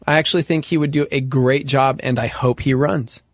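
A man co-hosting a live radio talk show, excitable and jokey, reading listener texts in casual studio banter. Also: a little fast, no echo. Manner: excitable, jokey, jumps into high voices.

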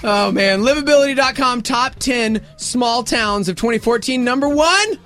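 A man co-hosting a morning radio show, joking through banter and reading sponsor copy at a quick clip. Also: very high-pitched, animated, fairly bright tone, soft background music.

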